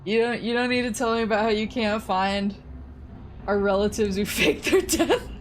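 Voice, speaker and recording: A woman's voice: medium pitch, normal speed, slight background noise. A young woman streamer chatting casually while playing a game, telling rambling stories and laughing often.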